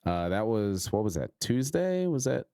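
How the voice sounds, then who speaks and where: A man in his thirties co-hosting a podcast, speaking in an earnest, reflective, halting way in casual chat. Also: lowish voice, big pitch swings, a crowd in the background. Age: 30s. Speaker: podcast co-host.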